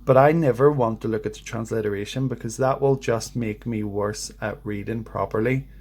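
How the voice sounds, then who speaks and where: A man talking through his computer screen in a casual how-to vlog. He rambles in a relaxed, self-deprecating way and slows down, hesitant, when he sounds out words. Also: fairly low pitch. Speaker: language learner vlogger. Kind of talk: casual screen-share tutorial. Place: at a home computer.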